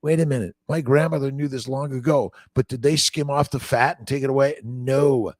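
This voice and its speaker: A man's voice: mid-range voice, steady tone, fairly quick, a little mellow, no echo, clean studio sound. An older man, a doctor, hosting a casual morning livestream, upbeat and preachy, greeting viewers by name.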